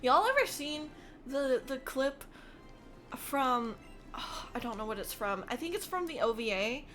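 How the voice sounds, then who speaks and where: A woman's voice: sits high, animated, a little slow, fairly bright tone, soft background music. A woman streamer chatting casually with her viewers, chatty and giggly. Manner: chatty, giggly, addresses chat. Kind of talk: casual livestream chat.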